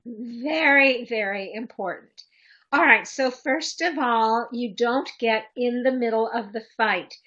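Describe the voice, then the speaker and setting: A woman's voice: on the high side, slow pace, pushed and bright, highs cut off. A woman presenter answering audience questions in a webinar, giving practical advice and acting out short commands aloud.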